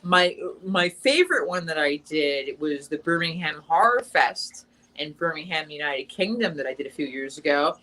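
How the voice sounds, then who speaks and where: A woman's voice: low-pitched, animated, normal speed, bright, forceful tone, rough recording. A young adult woman chatting casually in an interview as the guest actress, talking in long runs with lots of fillers and restarts.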